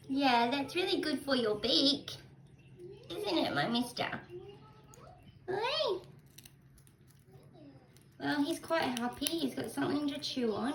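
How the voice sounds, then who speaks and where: A woman's voice: high-pitched, creaky, slight background noise. A woman cooing affectionate, sing-song baby talk to her pet parrot in a casual home vlog. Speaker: parrot owner. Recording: roomy echo, faint music.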